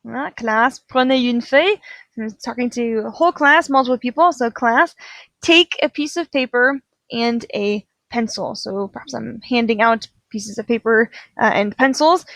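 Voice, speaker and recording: Woman French teacher, slightly high voice, patient drilling, dry close mic. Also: fairly bright tone, no echo. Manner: switches between French and English, drills with repeated prompts. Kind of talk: classroom grammar lesson.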